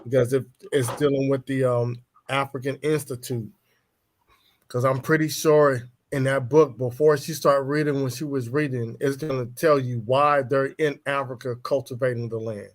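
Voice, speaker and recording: A man's voice: mid-range voice, fairly even intonation, moderate pace. A man on a live stream, earnestly explaining what he has read in a casual chat.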